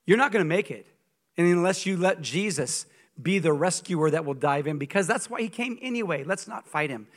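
A man preaching as a guest speaker, telling stories in an animated, humorous and emphatic way. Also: on the high side, a little fast. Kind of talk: sermon.

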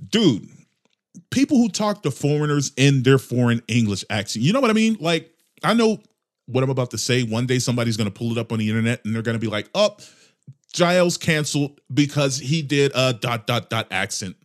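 A man hosting a comedy podcast, delivering a casual, profane monologue with lively swings in pitch and loudness. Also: a little fast. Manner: animated, profane ranting with mock voices. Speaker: podcast host.

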